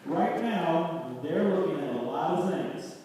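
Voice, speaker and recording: Band director in an echoey hall. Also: male voice, on the high side, expressive, slow, dark tone, a little hiss or hum. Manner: instructive, counts and sings rhythms aloud. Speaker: high school band director. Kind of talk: addressing a concert audience, talking a band through sight reading. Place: large concert hall or school auditorium. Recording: echoey hall recording from far off.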